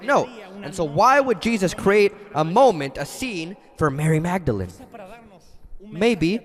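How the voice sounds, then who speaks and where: A man preaching a sermon in a large hall, telling stories dramatically and swinging between loud and hushed. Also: high voice, expressive, measured pace. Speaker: pastor. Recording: long hall reverb.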